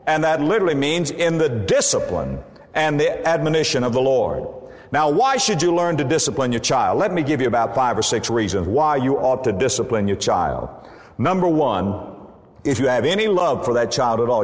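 A man preaching a sermon, animated and emphatic, quoting scripture. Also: medium pitch, brisk, in a large hall.

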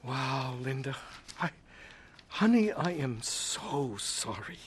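An actor playing a caring husband who talks gently and reassuringly in a radio drama. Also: male voice, mid-range voice, very animated, slow, a little hiss or hum. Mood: tender.

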